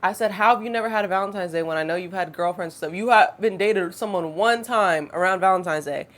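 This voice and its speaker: A woman, telling a storytime vlog in a chatty, animated way with laughing asides. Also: fairly low pitch, fast talker. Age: 20s. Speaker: storytime vlogger. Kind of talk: casual storytime monologue.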